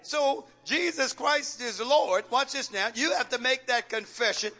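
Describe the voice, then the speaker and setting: Male pastor, very high voice, sharp tone, call-and-response sermon with teasing rhetorical questions. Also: unhurried. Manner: preacher's rhetorical questions, coaxing and joking. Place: church sanctuary with congregation.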